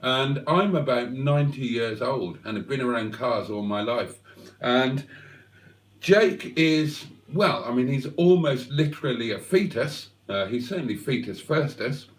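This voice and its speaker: A man's voice: mid-range voice, expressive, unhurried, recorded from a distance. A man hosting a casual livestream, joking as he reads out viewer comments. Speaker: livestream host.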